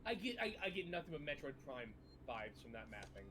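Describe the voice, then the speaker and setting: Lively, high-voiced man chatting about a game. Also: fairly quick, noisy background. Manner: enthusiastic, swears, sarcastic. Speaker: co-host watching a game stream. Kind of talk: casual gaming chat.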